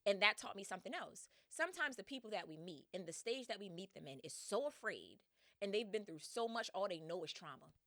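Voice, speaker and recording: A woman's voice: medium pitch, a little fast, no echo, clean studio sound. A woman hosting a podcast, retelling a story in casual slang with lots of energy and laughs. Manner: slangy, animated, laughs often. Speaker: podcast host.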